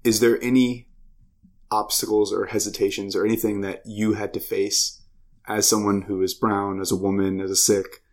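A man's voice: on the low side, little pitch movement, moderate pace. A man interviewing a guest, asking long, conversational questions.

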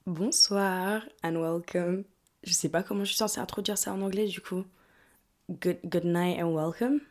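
A young woman from England hosting a solo podcast, talking in a chatty, excitable way with rambling asides. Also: lowish voice, quick pace, slight background noise. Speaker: podcast host. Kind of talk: casual solo podcast chat.

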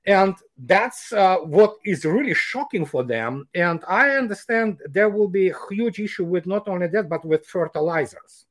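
Sardonic man, high voice. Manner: animated, sardonic, many filler pauses. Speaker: guest commentator. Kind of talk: casual interview talk.

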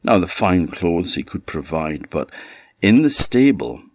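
A man with an Orcadian accent telling a folktale in an unhurried, conversational way with asides. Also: low-pitched, very animated, a little mellow, dry recording. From Orkney, Scotland. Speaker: storyteller. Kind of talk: oral folktale storytelling. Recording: slightly dull dry audio.

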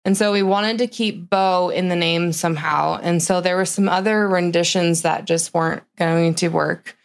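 A woman's voice: fairly low pitch, vocal fry, clear, resonant tone. A woman in her thirties, a business co-founder, chatting casually on a podcast and filling her talk with "like". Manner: chatty, lots of "like" fillers, acts out her own past talk.

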